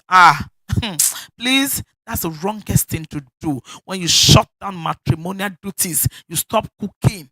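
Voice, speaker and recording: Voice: mid-range voice, moderate pace, a bit bright, no room sound. A preacher with a Nigerian accent giving an emphatic church sermon, repeating key phrases and laughing often. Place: church service.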